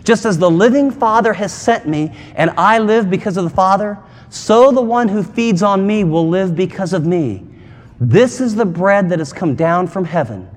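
High-voiced preaching man in a reverberant hall. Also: animated, normal speed. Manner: emphatic, conversational preaching with dramatic asides. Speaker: pastor. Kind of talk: sermon.

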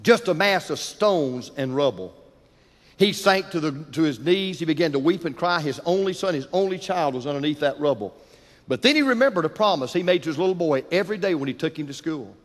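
A man's voice: on the high side, expressive, fairly quick. Dramatic preacher man in a reverberant hall. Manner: dramatic, building intensity, drops to hushed tones. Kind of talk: sermon storytelling.

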